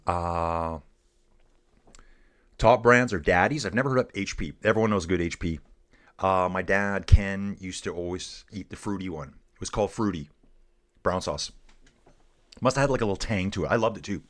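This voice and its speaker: A middle-aged man from Canada hosting a live cycling stream, chatting casually and excitedly with viewers while commenting on the race. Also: deep voice, moderate pace, pauses often.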